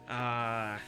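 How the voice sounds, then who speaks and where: Bright, chuckling male streamer. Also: medium pitch. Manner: upbeat, chuckling, chatty with viewers. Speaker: streamer and musician. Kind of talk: casual livestream chat.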